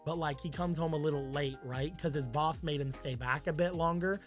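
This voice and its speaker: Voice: medium pitch, a little fast, faint music behind. A streamer casually telling a rambling, crude made-up story on a live stream, with many "like"s.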